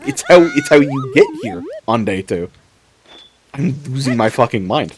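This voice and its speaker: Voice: medium pitch, big pitch swings, moderate pace, slight background noise. A streamer giving casual running commentary on a game, talking to themself and swearing often as things go wrong. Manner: swears often, talks to self while playing.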